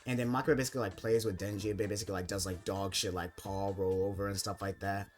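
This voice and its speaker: A man's voice: low voice, steady tone, fast, soft background music. A young man recapping an anime plot in casual commentary, rambling with constant filler words. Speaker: anime video essayist.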